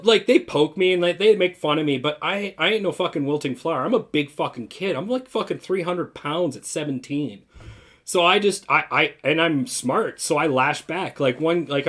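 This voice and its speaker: Guy on a podcast telling a crazy story, swears a ton, kinda high voice, acts out the quotes. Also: normal speed. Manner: profane, heavy swearing; lively anecdotal delivery with voiced-out quotes. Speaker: talk show co-host.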